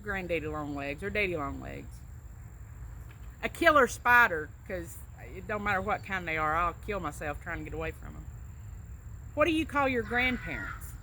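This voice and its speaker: A woman's voice: on the low side, lively intonation, moderate pace, bright, forceful tone, a little hiss or hum. A woman with a Southern US accent, chatting casually and telling stories with a laugh. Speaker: vlogger doing an accent tag. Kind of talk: casual chat.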